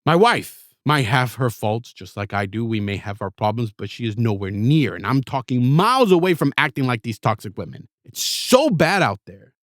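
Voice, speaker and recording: Animated, foul-mouthed male podcast host. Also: medium pitch, moderate pace, hardly any pauses, no echo, clean studio sound. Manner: blunt, heavily profane, animated. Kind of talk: ranting monologue.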